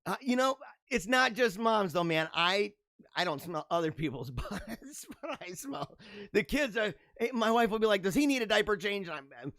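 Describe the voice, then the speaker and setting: A man's voice: high-pitched, lively intonation, normal speed, sharp tone, no room sound, clean studio sound. A man in his forties hosting a casual solo show, reacting to memes with jokey, chuckling asides. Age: 40s. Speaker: podcast host.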